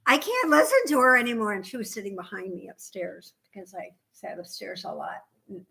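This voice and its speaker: A woman co-hosting a podcast in casual chat, telling animated, rambling stories. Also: medium pitch, fairly quick, vocal fry. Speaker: podcast co-host.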